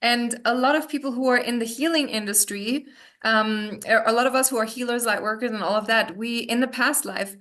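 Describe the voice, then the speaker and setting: A woman's voice: a little high, a little fast, a bit bright. A woman guest who works as a hypnotherapist and healer, talking confidently and emphatically in a casual podcast chat. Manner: confident, emphatic, laughs easily.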